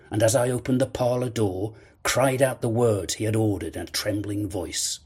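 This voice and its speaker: A man narrating a classic adventure novel in a measured storytelling manner. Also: on the low side, darkish tone, husky. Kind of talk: audiobook narration.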